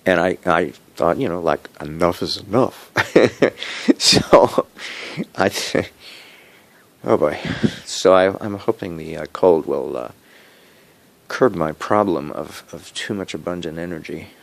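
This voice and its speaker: A man giving a rambling personal monologue about his home cooking and health. He is halting and digressive, repeats himself often, and chuckles as he goes. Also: deep voice, gravelly. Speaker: home cook sharing health updates.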